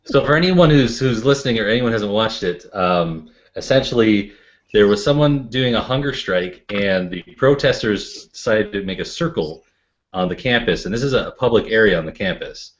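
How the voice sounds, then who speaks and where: A Canadian man hosting a round-table chat over a video call, laid-back and quick to laugh. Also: fairly low pitch, animated. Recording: dull lo-fi call audio.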